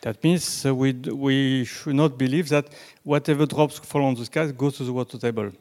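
French-accented man giving a halting lecture. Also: medium pitch, fairly even intonation, a little mellow. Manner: halting, many restarts and fillers, deliberately slow. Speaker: presenter on groundwater. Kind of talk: slide presentation lecture.

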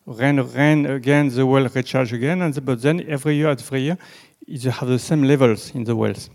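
A man with a French accent, a native French speaker, giving a slow, halting presentation with slides and frequent restarts. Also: mid-range voice, fairly even intonation, darkish tone. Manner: halting, many restarts and fillers, deliberately slow. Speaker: presenter on groundwater.

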